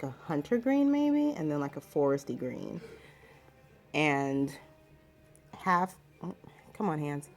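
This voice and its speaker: A woman's voice: sits low, darkish tone. A young woman vlogging at home in a casual, rambling chat with lots of fillers.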